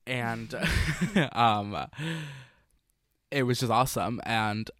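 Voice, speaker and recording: A man's voice: medium pitch, very slow, a bit bright, no echo, clean studio sound. A young man co-hosting a casual podcast, enthusiastic and rambling, with lots of "like". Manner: enthusiastic, rambling, heavy use of "like". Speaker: podcast co-host. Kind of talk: casual chat.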